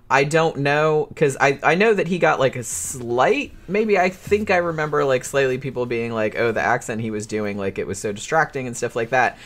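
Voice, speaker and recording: A man's voice: medium pitch, fairly bright tone. A man co-hosting a casual movie podcast, explaining background in long, hedging run-on sentences. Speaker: podcast co-host.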